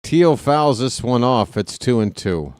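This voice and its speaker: A man calls a ballgame as a fan play-by-play commentator, taking his time between pitches and tossing in dry, wry asides. His voice is smooth and clear, recorded close and dry with no room sound. On big hits he erupts into excited shouting. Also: unhurried, no echo.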